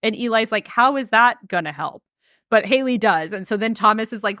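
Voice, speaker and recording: A woman's voice: on the high side, normal speed, no room sound, studio quality. A woman podcast host telling a story in casual chat, acting out what each person said. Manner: animated retelling with quoted voices and frequent "like".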